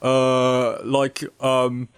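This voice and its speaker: A man's voice: mid-range voice, monotone, drawn-out words, clean tone, no room sound, soft background music. A man playing a tabletop game, joking around with giggly, casual banter. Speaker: player.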